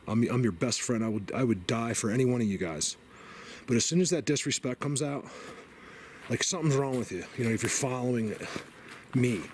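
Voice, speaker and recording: A man's voice: mid-range voice, brisk, darkish tone, a little hiss or hum. A man vlogging while hiking in snowy mountain woods, out of breath, chatty and rambling, laughing often. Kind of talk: outdoor hiking vlog.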